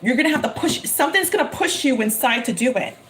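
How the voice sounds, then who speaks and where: A woman giving a live-streamed tarot reading, talking emphatically and repeating her phrases with excitement. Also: sits high, fast, a little hiss or hum. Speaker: tarot reader.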